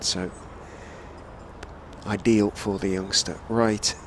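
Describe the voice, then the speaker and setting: There's a little hiss or hum behind this man's low voice as he delivers radio-style ball-by-ball cricket commentary. Perched at a commentary position on a stadium hotel roof, he's chatty and measured, growing excited on the big shots.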